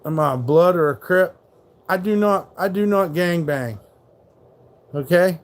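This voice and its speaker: A man's voice: high-pitched, measured pace. A man hosting a live stream, ranting in a rambling, profane and mocking way while reacting to chat. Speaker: livestream host.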